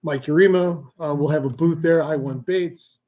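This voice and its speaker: Male livestream host, chatty and easily sidetracked, cracks jokes, slightly higher voice, casual fishing talk from home. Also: moderate pace, darkish tone. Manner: rambling, joking, easily sidetracked. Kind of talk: casual live-stream chat. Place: home, indoors.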